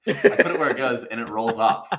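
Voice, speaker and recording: A man in his twenties co-hosting a podcast, telling stories in a casual, excitable way with laughter and exaggeration. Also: mid-range voice, brisk. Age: 20s. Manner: excitable, exaggerated retelling with laughter and mild cursing. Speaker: podcast co-host. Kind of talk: casual chat, animated storytelling.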